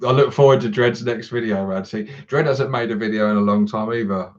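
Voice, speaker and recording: A man's voice: on the low side, lo-fi sound. A man hosting a casual livestream chat, rambling and swearing freely with lots of ums and chuckles. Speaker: channel host.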